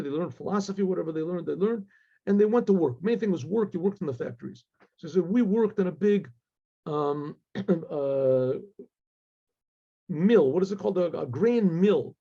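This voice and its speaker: A rabbi tells a story in a husky, high-pitched male voice with a mellow edge. He talks in a halting way, stops to explain words, and restarts often. The recording sounds dull and lo-fi. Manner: halting, many restarts and asides. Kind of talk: storytelling talk.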